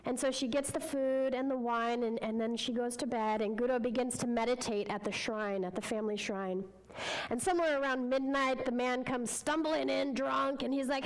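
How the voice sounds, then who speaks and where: A woman's voice: sits high, fairly even intonation, moderate pace, rough recording. A woman speaker telling a parable in a sermon at a spiritual center, earnest and heartfelt. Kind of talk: sermon storytelling.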